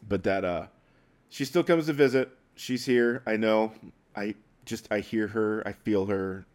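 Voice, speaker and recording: A man with a fairly low voice speaks haltingly as he tells a personal story. He is close to tears and his words keep breaking off and starting again. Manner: tearful, halting, with soft laughs. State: crying at times. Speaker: guest.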